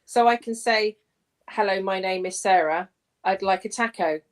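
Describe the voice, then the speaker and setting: A woman's voice: medium pitch, normal speed. A woman chatting on a stream panel in a playful, upbeat way. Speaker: panel guest. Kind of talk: casual chat.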